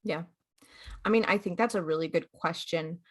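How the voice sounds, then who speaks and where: A woman's voice: lowish voice, moderate pace. A young woman co-hosting a podcast in casual chat, chatty with many fillers and acted-out quotes. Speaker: podcast co-host.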